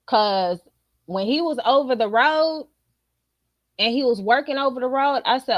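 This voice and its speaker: A woman's voice: high-pitched, a little slow, long pauses, no echo. Blunt, profane middle-aged woman ranting. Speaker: streamer giving opinions. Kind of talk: casual opinion rant to viewers.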